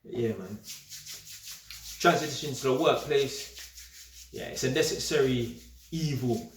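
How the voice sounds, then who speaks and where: A young man giving a casual, straight-talking monologue in streetwise slang, animated and emphatic and often repeating himself. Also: mid-range voice, slow pace, slight background noise. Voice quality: streetwise slang-heavy talk. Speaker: vlogger. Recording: roomy echo.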